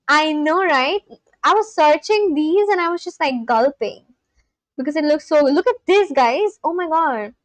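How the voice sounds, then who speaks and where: A woman livestreaming in a casual chat, gushing excitedly and talking straight to her viewers. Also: high-pitched, unhurried, no echo.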